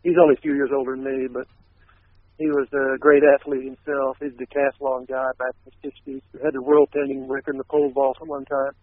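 A man's voice: mid-range voice, flat delivery, fast, no room sound. Guest man on a tinny phone line. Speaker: guest musician. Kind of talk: casual radio interview.

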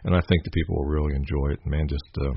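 A man from Kentucky with a Kentucky accent hosting a casual radio interview, chatty and quick to laugh, often repeating his words. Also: very deep voice, steady tone, creaky, slightly rough, dry recording, highs cut off. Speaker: radio host.

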